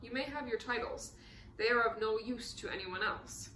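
A woman's voice: a little high, moderate pace, pushed and bright, reverberant, slight background noise, rough recording. A woman voicing a cold, probing male prosecutor who questions in a clipped manner. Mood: stern. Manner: clipped, interrogating.

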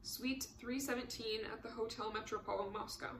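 A woman's voice: on the high side, fairly even intonation, moderate pace, echoey room, noisy background, lightly acted. A woman voicing a witty, unflappable aristocratic count who answers with dry, polite humor. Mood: droll.

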